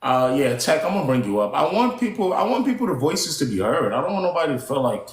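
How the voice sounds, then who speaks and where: Animated young man hosting a live stream. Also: on the high side, fast, echoey room. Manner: animated, playfully exasperated, banters with the panel. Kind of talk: casual live-stream chat. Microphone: computer mic at a desk.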